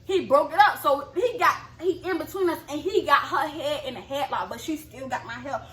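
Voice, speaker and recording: A young woman telling a story in casual chat, animated, acting out quotes in a high yelling voice. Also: brisk. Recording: echoey room with clear background noise.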